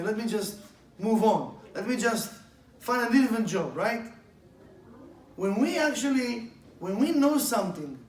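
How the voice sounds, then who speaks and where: High-voiced eager male teacher, echoey room. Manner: eager, asks many questions; broken, non-standard English grammar. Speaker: Kabbalah teacher. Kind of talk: class lecture. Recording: echoey room, mic far off.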